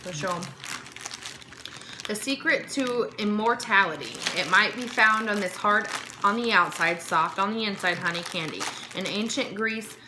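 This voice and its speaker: A woman's voice: mid-range voice, normal speed, noisy background. A woman vlogger tasting snacks on camera, casually reading card text aloud and stumbling over words. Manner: stumbles over words while reading, talks with mouth full. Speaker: vlogger reviewing a snack box.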